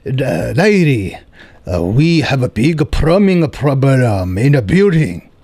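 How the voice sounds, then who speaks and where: Comedian doing a cranky, suspicious landlord, Korean accent, slow accusing broken English, swings high and low. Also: male voice, sing-song, a little mellow, no room sound, exaggerated voice. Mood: complaining. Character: grumpy suspicious middle-aged male landlord.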